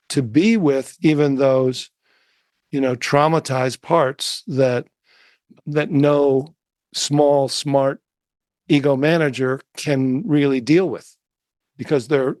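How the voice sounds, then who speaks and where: A middle-aged man, a meditation teacher, telling a personal story in a soft-spoken, musing way with many fillers and restarts. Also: medium pitch, no room sound. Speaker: interview guest, meditation teacher. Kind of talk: reflective storytelling.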